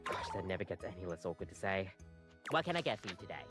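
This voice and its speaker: A chirpy, nervous coffee maker, bouncing through customer-service lines in a video game. Her lively pitch swoops, and game music plays clearly behind her. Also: fast.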